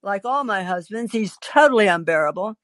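A woman's voice: medium pitch, expressive, a little fast, dry recording. An older woman hosting a podcast, telling her own story in a wry, confiding way with frequent hesitant fillers. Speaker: podcast host. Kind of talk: storytelling monologue.

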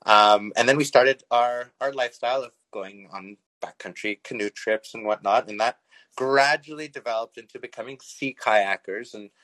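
A middle-aged man from Canada tells a story in a loose podcast style. He speaks at a middling pitch, wanders through fillers and restarts, and chuckles as he talks. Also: normal speed, a bit bright, rough recording. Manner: rambling, many fillers, chuckles while telling. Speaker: podcast host. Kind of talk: casual storytelling.

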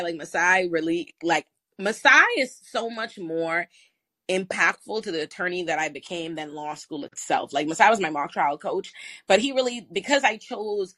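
A woman from the West Indies runs a live call-in podcast with a teasing, slangy, animated delivery. Her voice sits a little low. The sound is dry and close, with no room around it. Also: dry recording. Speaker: host and attorney.

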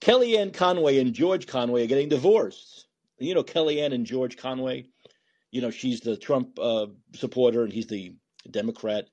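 A man hosting a podcast, talking alone in sarcastic, animated political commentary, swearing and thinking out loud. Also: mid-range voice, normal speed, muffled recording. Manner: animated and sarcastic, mocking voices of opponents. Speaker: podcast host.

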